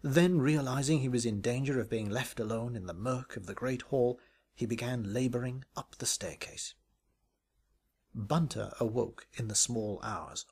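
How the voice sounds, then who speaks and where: A man's voice: medium pitch, darkish tone, husky. A man reading a comic parody story aloud in a dry, wry, arch manner. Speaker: narrator.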